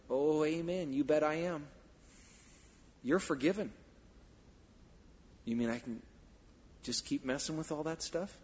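A male pastor preaching a sermon, emphatic, swinging from quiet asides to loud declarations. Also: a little high, normal speed, pauses often. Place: church sanctuary. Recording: dull sound with long hall reverb.

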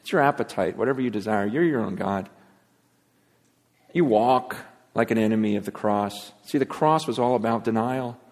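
A man preaching a sermon, moving between hushed, intense passages and raised, pleading ones. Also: lowish voice, normal speed, big-room sound. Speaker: pastor.

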